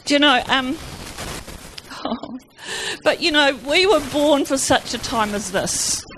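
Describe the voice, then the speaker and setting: A woman's voice: sits high, slow pace, a little hiss or hum. A woman sharing a fervent Christian testimony, telling stories and acting out what people said. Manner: fervent, animated storytelling with acted-out quotes. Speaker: Christian speaker.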